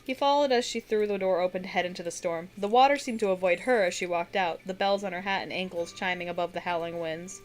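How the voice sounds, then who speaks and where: A woman streamer reading her own fantasy story aloud in steady narration, with occasional slips she corrects. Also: fairly low pitch, fast talker, few pauses.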